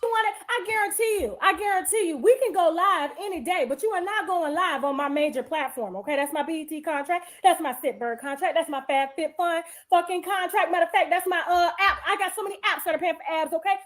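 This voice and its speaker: A woman's voice: very high-pitched, fast talker, few pauses. A woman on a live stream, delivering a combative rant full of cursing and repeated phrases.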